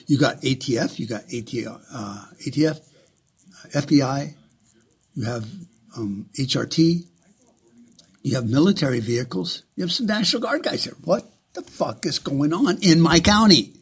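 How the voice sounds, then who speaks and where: A man delivering a heated, profane, sarcastic ranting monologue in a husky voice. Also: a little high, expressive, moderate pace.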